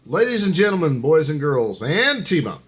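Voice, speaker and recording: A man's voice: fairly high pitch, very animated, moderate pace. Playful man hosting a headline game. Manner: playful, announcer-like, stumbles over headlines. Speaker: game host on a live talk show. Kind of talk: casual live show chat.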